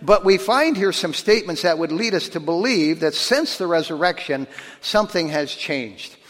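A man preaching a sermon in a folksy, animated way, acting out the voices of the people in his stories. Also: on the high side, normal speed. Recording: long hall reverb.

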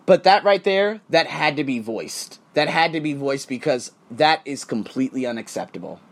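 Fired-up guy cussing through a podcast rant, kinda high voice. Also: lively intonation, moderate pace. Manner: heated, profane, repetitive ranting. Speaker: podcast host.

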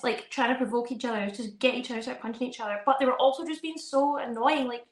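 A young woman, a podcast co-host, telling a story in animated, casual chat and acting out her children's voices. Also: high voice, fast talker, few pauses. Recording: roomy echo.

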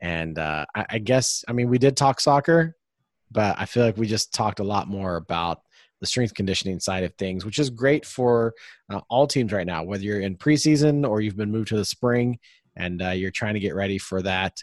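A man hosting a casual podcast chat, his voice sitting fairly low. He rambles along in an upbeat way and hypes up whoever comes on. The sound is dry and close, with no room around it. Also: moderate pace, no echo. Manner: rambling, upbeat hype-style introductions. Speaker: podcast host.

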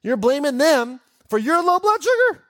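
A man giving a live teaching talk in a room with an audience, animated and constantly quizzing them. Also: extremely high pitch, normal speed. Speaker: workshop speaker.

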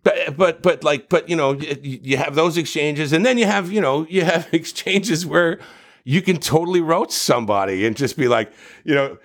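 A man's voice: fairly high pitch, normal speed. Rambling, profane middle-aged man. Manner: rambling, profane, animated storytelling. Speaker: voice actor guest. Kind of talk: casual podcast chat.

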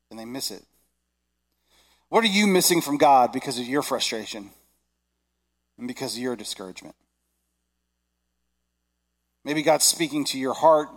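A man, probably in his thirties, preaching a sermon in a conversational, animated way, acting out little voices. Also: mid-range voice. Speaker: pastor.

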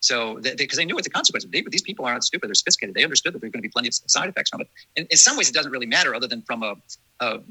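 A man's voice: mid-range voice, animated, rapid-fire, pushed and bright, husky, dry recording, low-quality recording. A man hosting a casual discussion, talking earnestly and emphatically, often restarting his sentences.

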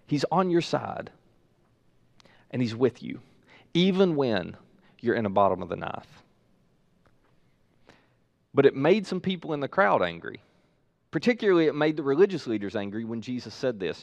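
Animated man preaching a sermon. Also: medium pitch, normal speed, gravelly, long pauses. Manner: animated storytelling preacher, acting out voices. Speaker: pastor.

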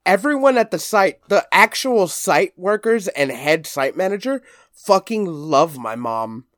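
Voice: mid-range voice, sing-song, a little slow, a bit bright, dry recording, clean studio sound. A podcast guest telling a long story in casual chat, rambling, swearing freely and leaning on "like", acting out what other people said.

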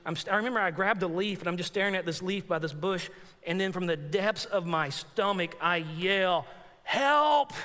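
A man preaching with an unusually high, bright and forceful voice. He tells his congregation a story, repeating key phrases for emphasis. His words ring out through a church hall with a long reverb. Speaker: pastor. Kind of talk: sermon with personal story. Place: church sanctuary.

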